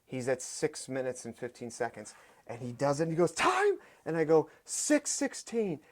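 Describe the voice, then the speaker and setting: A young adult man, a fitness coach, telling stories in casual podcast talk, getting animated and loud as he gets excited. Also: medium pitch, brisk. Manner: animated, voice rises sharply when excited. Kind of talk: casual storytelling.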